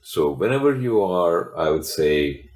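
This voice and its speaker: A man with an extremely deep voice explains his ideas as a guest executive coach. He speaks in a measured, emphatic way and builds each point with concrete examples. The sound is roomy, with noticeable echo. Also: sing-song, darkish tone, slight background noise. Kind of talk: explanatory interview talk.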